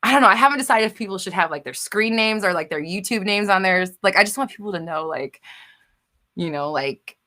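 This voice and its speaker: A woman's voice: medium pitch, animated, fairly quick, pushed and bright. A woman hosting a casual live chat Q&A, talking loosely with many fillers and reading out viewer comments. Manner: chatty, lots of fillers, reads out viewer comments.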